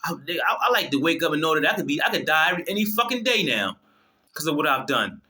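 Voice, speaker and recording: Man, fervent religious monologue, bright forceful voice, swears a lot, frequent restarts. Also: on the high side, very animated, quick pace. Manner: fervent, preachy, profane, many restarts. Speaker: video host.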